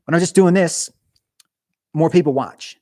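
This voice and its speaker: A man's voice: fairly high pitch, measured pace, dark tone, dry recording, clean studio sound. A young man hosting a casual live stream, chatting animatedly with viewers and often restarting his sentences. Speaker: YouTube gaming channel host.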